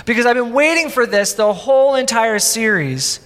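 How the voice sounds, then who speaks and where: A man's voice: very high-pitched, moderate pace, long reverb tail. A male pastor preaching a sermon in a conversational, storytelling way, acting out the people in his story. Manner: animated, conversational, acts out quotes.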